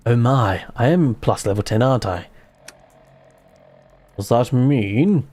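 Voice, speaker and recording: A man's voice: medium pitch, expressive, slow, a little mellow. A man streaming a video game, thinking aloud in casual, self-mocking commentary.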